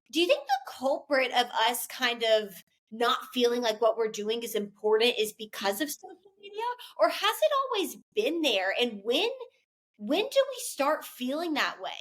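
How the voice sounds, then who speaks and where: Woman podcast host, slightly high voice, eager and affirming in conversation. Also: very animated, moderate pace. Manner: warmly enthusiastic listener, affirming.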